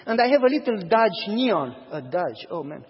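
Male pastor, husky and high, animated storyteller preaching in a church, dull lo-fi recording. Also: normal speed. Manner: animated storyteller, acts out dialogue. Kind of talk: sermon with storytelling. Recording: dull audio, long hall reverb.

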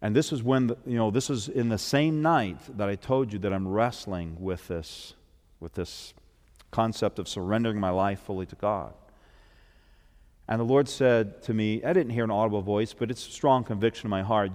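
A man, a minister, preaching a sermon as an earnest storyteller who builds up and then drops soft. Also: on the low side, moderate pace. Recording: long hall reverb.

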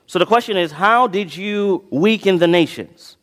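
A man preaching a sermon, his voice sitting a little high for a man and carrying a long reverb tail through a large sanctuary. He reads scripture with dramatic swells and sudden drops in volume. He keeps throwing questions out to the congregation, then answering them himself. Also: a little slow, a bit bright.

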